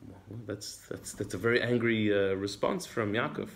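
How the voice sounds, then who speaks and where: A man's voice: lowish voice, expressive, measured pace, vocal fry, hardly any pauses, fairly bright tone. A man teaching a religious text class. He reads Hebrew passages aloud, explains them in English, and often repeats his words as he goes. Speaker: Torah teacher.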